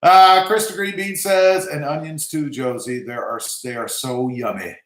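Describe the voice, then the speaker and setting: A man's voice: on the high side, fairly even intonation, measured pace, fairly bright tone, roomy sound. A man with a Southern American accent hosting a casual live stream, chatting loosely and reading viewer comments aloud with lots of filler words. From South Texas. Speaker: channel host reading live chat.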